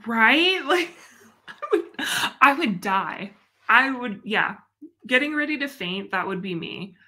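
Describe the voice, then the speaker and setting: Bright-voiced chatty young woman. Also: fairly high pitch, takes it slowly. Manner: chatty and expressive, laughs often. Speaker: livestream host. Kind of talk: casual live-stream chat.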